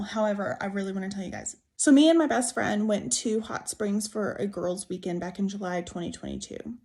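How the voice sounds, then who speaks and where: A woman's voice: mid-range voice, a little fast, hardly any pauses, a little mellow. A young woman telling a true ghost story to camera in a casual, emotional, rambling way, full of "like" and restarts. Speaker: TikTok storyteller.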